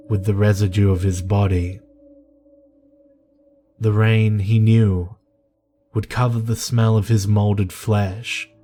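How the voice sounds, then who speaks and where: A man giving slow, measured, grave scripted horror narration. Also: on the low side, dark tone. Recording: narration over faint music.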